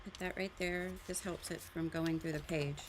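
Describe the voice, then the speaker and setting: A woman with a slightly low voice hosts a relaxed live drawing session from her art studio. She rambles in a friendly way, explaining her tools step by step. A faint hiss sits behind her voice. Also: moderate pace. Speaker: art livestream host. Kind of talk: casual live drawing demonstration.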